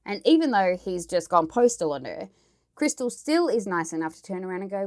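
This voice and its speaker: A woman's voice: medium pitch, big pitch swings, a little fast, a little mellow. An Australian woman telling a true crime story in a casual, chatty way, blunt and swearing as she editorialises.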